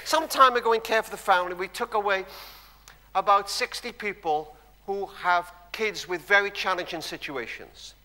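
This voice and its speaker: High bright-voiced preacher in a reverberant church. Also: male voice, normal speed. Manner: storytelling, emphatic, drops to hushed tones. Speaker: guest preacher. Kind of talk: sermon. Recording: long church hall reverb.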